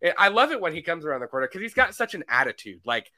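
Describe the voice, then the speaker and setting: A man co-hosting a casual movie podcast, animated and laughing often as he acts out scenes. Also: a little high, very fast. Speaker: podcast co-host.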